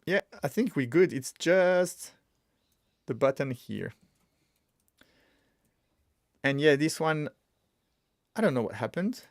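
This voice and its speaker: A man hosting a casual live coding stream, talking excitably and thinking aloud with frequent restarts. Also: fairly high pitch, takes it slowly, long pauses, dry recording, studio quality. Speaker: streamer teaching web development.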